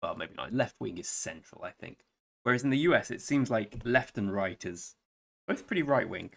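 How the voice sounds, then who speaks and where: A man's voice: on the low side, lively intonation, normal speed, vocal fry, fairly bright tone, husky. A man with an English accent chatting casually on a live gaming stream, rambling and wry as he answers viewers by name. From England. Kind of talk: casual live-stream chat while playing a strategy game.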